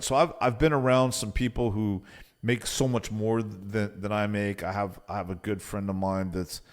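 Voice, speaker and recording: Casual male business coach presenting. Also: on the low side. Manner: casual and conversational, often tossing in "right?" and "you know". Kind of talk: motivational presentation.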